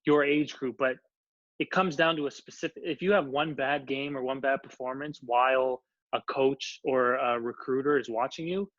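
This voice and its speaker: A man's voice: mid-range voice, steady tone, normal speed, fairly bright tone, no echo. A man hosting an interview, reflecting and agreeing with his guest, often repeating words as he starts a thought. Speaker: podcast host. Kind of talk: casual interview chat. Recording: dry, slightly dull sound.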